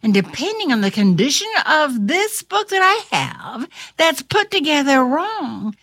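A woman's voice: high-pitched, sing-song, unhurried, a bit bright, no echo, clean studio sound. A woman reading a storybook aloud to a listener in a dramatic, theatrical way, dropping into whispers and bursting into exclamations. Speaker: storybook reader.

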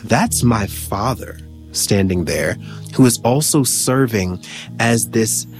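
A man's voice: fairly low pitch, animated, slow, faint music behind. Reflective man telling his story. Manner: reflective, searching for words. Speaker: interview guest. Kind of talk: personal storytelling in an interview.

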